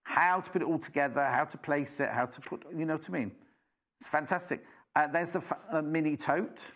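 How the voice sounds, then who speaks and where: A British man with a slightly high-pitched voice presents products on live shopping television. His delivery is chatty and enthusiastic, full of rambling asides. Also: fairly quick, fairly bright tone.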